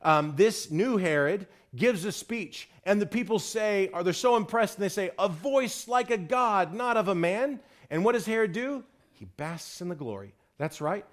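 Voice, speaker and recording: A man's voice: animated, moderate pace. Man preaching with rising intensity. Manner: rises in pitch and volume when stressing points, drops low and quiet for solemn lines. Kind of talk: sermon.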